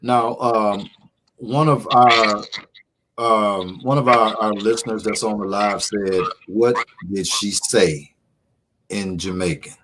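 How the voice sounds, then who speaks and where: A man's voice: on the low side, fairly even intonation, slow. Brief: male radio host, easygoing, noisy studio recording. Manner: laid-back, frequent backchannels. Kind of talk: casual radio interview.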